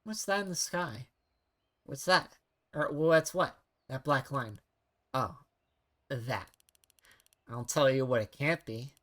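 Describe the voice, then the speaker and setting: A woman's voice: very deep voice, slow, pauses often. A woman voicing a female AI assistant in a game, sweet-sounding and passive-aggressive, with a condescending manner. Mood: chirpy. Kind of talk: game dialogue read-along.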